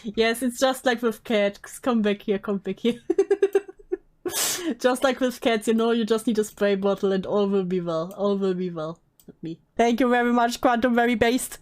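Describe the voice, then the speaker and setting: A woman's voice: medium pitch, moderate pace, a little mellow. A woman streamer reacting casually, giggling and speaking bluntly.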